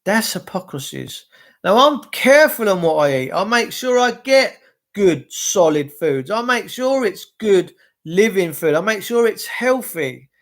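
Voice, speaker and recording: A man's voice: high voice, sing-song, a little slow. A man, hosting a rambling livestream monologue, ranting and answering viewer comments aloud. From England. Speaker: livestream host. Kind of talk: rambling live-stream monologue.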